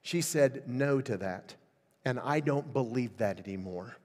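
A middle-aged man preaching at a revival, telling stories and building to loud, fervent exhortation. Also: medium pitch, animated, a little slow. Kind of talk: sermon. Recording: long hall reverb.

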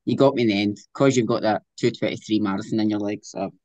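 A man's voice: lowish voice, quick pace, darkish tone. A man hosting a podcast, with friendly, easygoing banter. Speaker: podcast host. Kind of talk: casual podcast chat.

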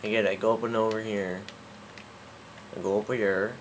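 A man's voice: lowish voice, flat delivery, moderate pace, pauses often, a little hiss or hum. A man commentating a game, cursing constantly and getting angry, with a sore throat. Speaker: gaming YouTuber. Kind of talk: let's play commentary.

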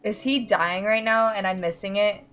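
In a mid-range voice at a moderate pace, this Australian woman livestreams a platform game with casual chat. She gets excitable, letting out yelps and laughter, while game music runs in the background.

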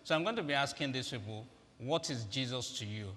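Bright-voiced man preaching in a hall. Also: medium pitch, a little fast. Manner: humorous, directs volunteers on stage. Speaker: guest preacher. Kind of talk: interactive sermon with volunteers. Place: large auditorium. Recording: echoey hall with faint ambience.

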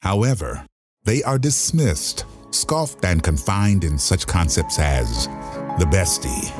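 A man delivers a scripted intro in a grave mock-documentary tone. His voice sits very low and moves slowly, with a lot of swing in pitch. Music plays behind him. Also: big pitch swings. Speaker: show intro announcer. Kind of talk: scripted dramatic voice-over narration.

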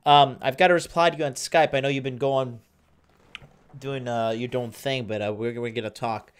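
A man's voice: mid-range voice, fairly even intonation, normal speed, smooth. A young man hosting a casual livestream, reading viewer comments and talking in a loose, rambling way full of fillers and restarts. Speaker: livestream host.

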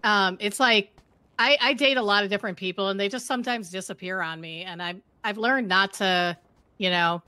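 A woman rambling in character during a roleplay, with a deadpan delivery. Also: medium pitch, moderate pace, dry recording. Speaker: roleplay player.

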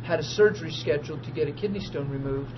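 A man preaching to a small group, telling testimony stories in a lively, informal way and acting out the people in them. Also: fairly high pitch, fast talker. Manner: animated, acts out quoted voices, laughs often. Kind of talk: informal sermon storytelling. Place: small group meeting room. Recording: dull lo-fi archive recording with faint hiss.

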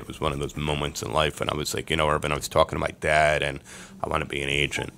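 A man, a podcast guest, telling his life story in a lively way and acting out the voices of people he quotes. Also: extremely low pitch, quick pace, creaky, slight background noise. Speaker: podcast guest, sports agent. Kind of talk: storytelling interview.

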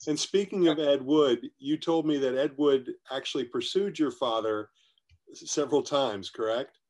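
A man's voice: mid-range voice, moderate pace, a little mellow, low-quality recording. A man hosting a podcast interview, asking questions and politely thanking his guest. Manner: polite, appreciative wrap-up. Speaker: podcast host.

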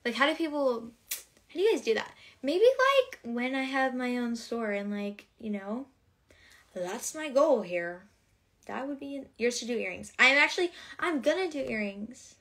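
A woman's voice: fairly high pitch, moderate pace, fairly bright tone. A young woman hosting a casual livestream, chatting to viewers and reading out comments in a bubbly, rambling way full of filler words.

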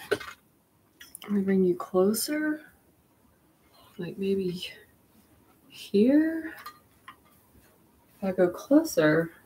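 A woman's voice: mid-range voice, a little mellow, slightly rough, poor audio. A young woman hosting a fashion livestream, chatting casually and a bit scattered as she hunts for things for her viewers. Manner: scattered, talks to viewers while hunting for things. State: out of breath.

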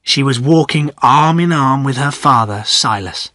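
A man narrating a storybook for English learners at a slow, measured pace. His voice sits at a middle pitch, recorded dry and close. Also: pushed and bright, no room sound. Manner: measured, clear reading.

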